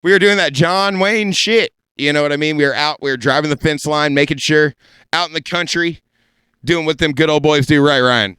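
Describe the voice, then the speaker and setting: Guy doing crude bits, bright and clear, bit high. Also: a little fast, dry recording, studio quality. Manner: brash, crude, animated. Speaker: stand-up comedian. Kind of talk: comedic storytelling. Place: podcast studio.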